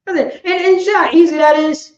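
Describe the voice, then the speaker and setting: A woman leading a religious class in an animated, slangy street style, peppering her talk with "you know what I mean.". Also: sits high, fast talker. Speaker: class teacher. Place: indoor meeting hall. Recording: echoey, dull lo-fi room audio.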